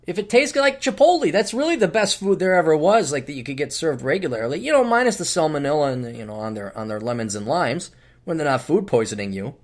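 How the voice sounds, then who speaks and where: A man's voice: on the high side, very animated, quick pace. A middle-aged man hosting a podcast, ranting solo in a blunt, profane, sarcastic way. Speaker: podcast host.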